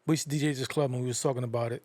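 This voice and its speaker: A man's voice: medium pitch, steady tone, racing, darkish tone, no room sound. A man hosting a podcast, telling stories casually with lots of fillers. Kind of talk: casual podcast chat, storytelling.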